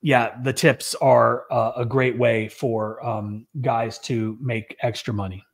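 A man's voice: mid-range voice, level tone, takes it slowly, gravelly. A middle-aged man, a business owner, chatting casually on a show and rambling with lots of restarts and fillers. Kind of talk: casual chat.

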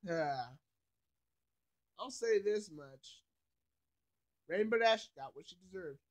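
High-voiced, rambling young reviewer man. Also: expressive, slow pace. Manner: rambling, with many filler phrases. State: sleepy, yawning. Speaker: cartoon episode reviewer. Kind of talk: casual video review.

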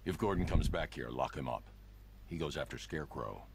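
A gravelly brooding vigilante. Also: male voice, rumbling low, animated, a little fast, background noise, heavily acted. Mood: grim. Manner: terse, grim. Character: grim brooding male vigilante hero.

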